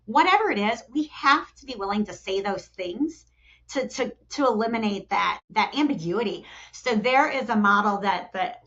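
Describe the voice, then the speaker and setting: A middle-aged woman, a talent development executive, appears as a podcast guest in a conversational interview, telling stories animatedly at a moderate pace. She acts out quotes with jumps in pitch, often restarts, and says "you know" a lot, all in dull lo-fi podcast audio.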